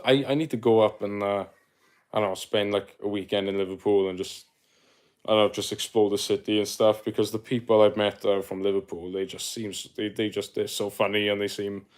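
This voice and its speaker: A man's voice: fairly low pitch, fairly even intonation, fairly quick, a little mellow. A young Welsh man with a South Welsh accent, hosting a casual livestream, rambling with lots of fillers as he reads out viewer comments. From Wales. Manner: rambling, filler-heavy, laughs easily. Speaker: livestream host.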